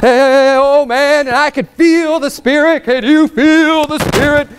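A man's voice: very high-pitched, fairly even intonation, a little slow, pitched above the performer's own voice. A pastor mimicking a showy, overexcited revival preacher waving his hands. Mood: fervent. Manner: overexcited, shouting.

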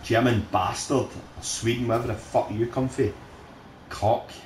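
A man swearing and shouting at opponents while playing a game with a friend. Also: medium pitch, steady tone, measured pace. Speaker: gamer recording his play. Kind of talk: casual gaming chat with a friend. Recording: roomy sound with faint noise.

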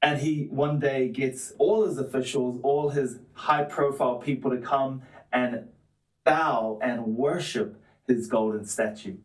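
A man's voice: medium pitch, fairly even intonation, unhurried. A man preaching an earnest sermon as pastor, building his points with repeated phrases. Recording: roomy echo, mic at a distance.

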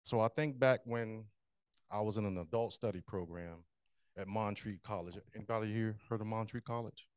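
A man's voice: on the low side, normal speed, smooth, no room sound. A man giving a short, humorous storytelling speech as joke master at a speaking club meeting.

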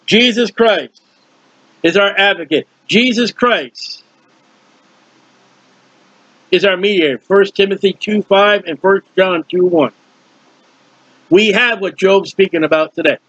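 High-voiced guy preaching bible verses, gets animated, kinda dull dry recording. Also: measured pace, long pauses, husky, dry recording. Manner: animated, asks the listeners questions. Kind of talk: bible teaching sermon.

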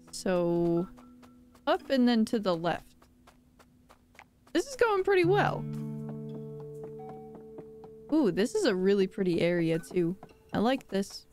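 A woman's voice: medium pitch, a little mellow. A woman streamer giving casual, giggly, exclaiming commentary while playing a game.

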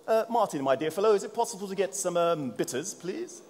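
A man putting on a prim English gentleman. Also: high voice, animated, brisk, voice pushed up. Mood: mock-posh. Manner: mock-posh, politely asking a favour. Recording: long hall reverb.

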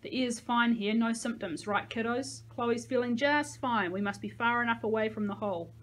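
A woman reading aloud and voicing a high, drunk young man who slurs his words in a loud, overly jolly way. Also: moderate pace, close to an everyday voice. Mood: rambling.

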